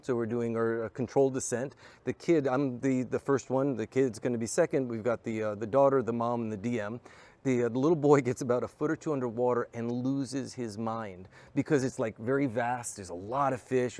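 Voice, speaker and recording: A man who teaches scuba and magic, guesting on a staff talk and telling stories in a casual, animated way, tossing in "right?" and "you know" often. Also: mid-range voice, brisk, dry recording. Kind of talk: casual storytelling chat.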